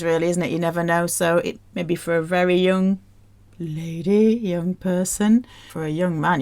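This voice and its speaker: A woman teaching French pronunciation, drilling words in exaggerated sing-song repetition with a playful manner. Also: fairly low pitch.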